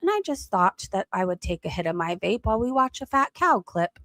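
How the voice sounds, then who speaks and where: A woman's voice: mid-range voice, big pitch swings, fairly quick, a bit bright, no room sound. A woman hosting a casual livestream commentary, chatty and loose, with lots of "um" and "like". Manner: chatty, with frequent fillers like "um" and "like".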